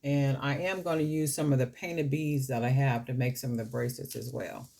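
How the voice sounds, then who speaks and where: A woman's voice: very deep voice, steady tone, a little fast, creaky, dark tone. A woman hosting a jewelry-making video, chatting and rambling as she works, her voice dropping and drifting away from the mic as she handles beads. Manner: rambling, chatty storytelling, talks to viewers as family. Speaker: jewelry-making channel host. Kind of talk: casual chat while crafting.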